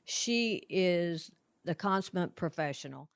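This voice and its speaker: Woman guest comic, chatty, smooth clear voice, dry close sound. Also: fairly low pitch, animated, unhurried, no room sound. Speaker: comedian guest. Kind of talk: casual interview chat.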